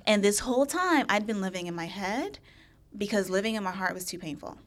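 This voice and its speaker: A woman talking in a casual podcast conversation, candid and expressive, swearing freely and acting out her old thoughts. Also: mid-range voice, fairly quick. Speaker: podcast guest.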